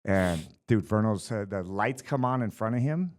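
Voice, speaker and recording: Deep-voiced man telling animated stories. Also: normal speed. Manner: animated storyteller acting out quotes with fillers. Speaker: boxing and MMA coach, guest. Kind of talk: casual storytelling interview.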